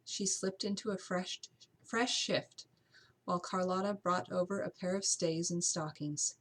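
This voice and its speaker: A woman reads a novel aloud in a steady amateur audiobook style, now and then stumbling and restarting a word. Her voice sits fairly low and has a husky, breathy grain. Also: unhurried, low-quality recording. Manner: steady reading with occasional slips and restarts. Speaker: narrator.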